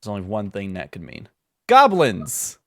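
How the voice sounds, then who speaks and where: A man narrating a tabletop role-playing game as game master, animated and quick to laugh. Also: medium pitch, no echo.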